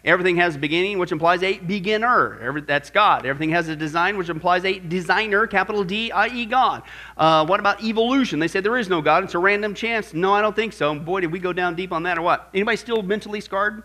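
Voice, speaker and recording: Animated high-voiced male Bible teacher. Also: fast talker. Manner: animated, asks the audience questions. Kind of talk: church teaching lesson.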